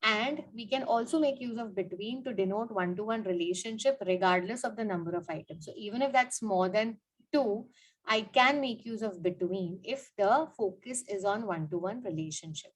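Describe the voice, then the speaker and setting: A woman's voice: mid-range voice, moderate pace, breathy edge, low-quality recording. A woman teaching grammar, repeating her points and asking questions as she goes. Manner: repeats points, frequent "okay" and "you know". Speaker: English teacher. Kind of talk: explaining grammar with examples.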